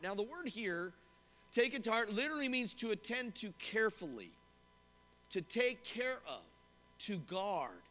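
A man preaching a sermon as pastor to his congregation, animated and often asking them questions. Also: sits high, measured pace. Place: church sanctuary. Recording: long hall reverb.

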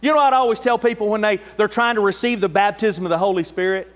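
A man, a pastor preaching a fervent sermon who rises to shouts on key points and drops in joking asides. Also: sits high, steady tone, fast talker, big-room sound. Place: church sanctuary.

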